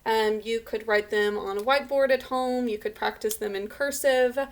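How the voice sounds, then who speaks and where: A woman's voice: a little high, steady tone, normal speed. A woman teaching a remote spelling lesson to children, patiently sounding out words letter by letter.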